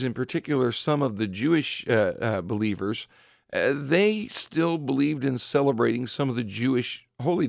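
A man with a gravelly, creaky voice gives an informal Bible teaching talk. He stops and starts often, filling gaps with hesitations as he works through his points. The sound is dry and close, with no room echo. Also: medium pitch. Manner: halting, many filler words and restarts.

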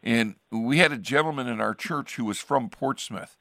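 Older ohio guy rambling, chuckly, bright tone, dry close mic. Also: medium pitch, normal speed, no echo. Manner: rambling, chuckling storyteller with many restarts. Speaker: pastor and show host. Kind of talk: casual chat.

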